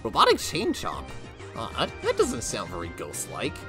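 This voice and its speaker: A woman's voice: extremely low pitch, huge pitch swings, normal speed, loud music behind the voice, full character voice. A woman voicing a nerdy, hot-headed male Koopa inventor who talks in a snappy, impatient way. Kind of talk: fan-made cartoon voice acting.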